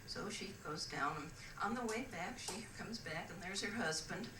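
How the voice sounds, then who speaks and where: A woman's voice: medium pitch, normal speed, background noise. An older woman from the West Coast telling stand-up jokes in a dry, hesitant way with many "uh"s. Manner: dry, hesitant delivery with frequent "uh"s. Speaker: stand-up comic on a cruise. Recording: roomy, distant mic with ambience.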